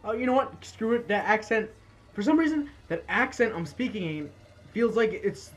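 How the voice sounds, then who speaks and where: A man's voice: high-pitched, moderate pace. A young man hosting a casual co-op game let's play, joking around, yelping and laughing with a friend. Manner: jokey, excitable, yelps and laughs. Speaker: gaming channel host. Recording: faint background noise.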